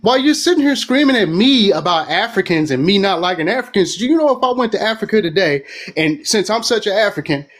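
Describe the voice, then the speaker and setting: A man with an animated, heated way of talking, ranting and swearing as he argues politics in a debate. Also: high-pitched, fast talker. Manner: animated, ranting, swears freely, acts out quoted voices.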